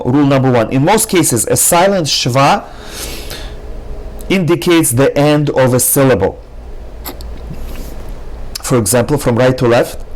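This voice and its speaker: A man teaching a language lesson, patiently explaining each point and repeating every word several times. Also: mid-range voice. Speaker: Hebrew teacher. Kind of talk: slow, careful language lesson.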